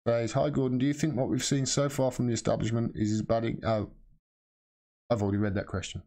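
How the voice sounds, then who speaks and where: A man's voice: mid-range voice, little pitch movement, fast talker, mellow. A man hosting a live stream, answering viewer questions in blunt, impassioned casual talk and swearing freely.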